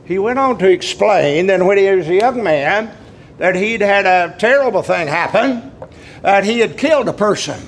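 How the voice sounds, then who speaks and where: An older man preaching a sermon in a folksy storytelling way, pausing with drawn-out fillers. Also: high voice, animated.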